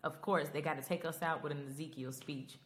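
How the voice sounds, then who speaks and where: Very low-voiced chatty woman podcaster. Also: steady tone, brisk. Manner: chatty, emphatic, addresses listeners as y'all. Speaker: podcast host. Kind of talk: casual show recap.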